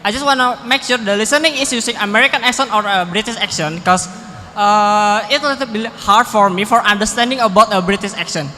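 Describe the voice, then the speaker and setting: Halting Indonesian-accented speaker in a hall. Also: medium pitch, bright, forceful tone. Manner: halting, hesitant, searching for words. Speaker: audience member asking a question. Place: large seminar hall. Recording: echoey hall, faint noise.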